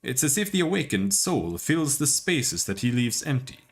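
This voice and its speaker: A man voicing an excitable female scholar who studies souls, giving eager, clipped instructions. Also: medium pitch, normal speed.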